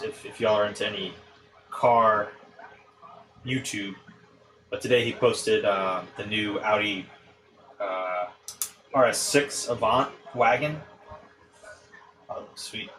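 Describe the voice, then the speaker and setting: Slow-talking man chatting on a live stream. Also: fairly low pitch, low-quality recording. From United States. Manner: relaxed, rambling, talks to chat while working. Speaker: live-stream host building models. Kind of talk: casual live-stream chat. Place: hot apartment.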